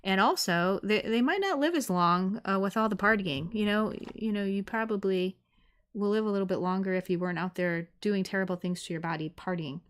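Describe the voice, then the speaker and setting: A woman's voice: medium pitch, brisk, smooth. A middle-aged woman streaming, chatting casually and rambling with many fillers as she reads viewer comments. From United States.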